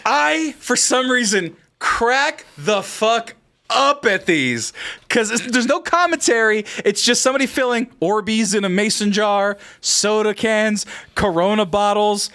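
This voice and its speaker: A man's voice: high voice, sharp tone. A man co-hosting a casual podcast, talking animatedly, laughing often and swearing casually. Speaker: co-host.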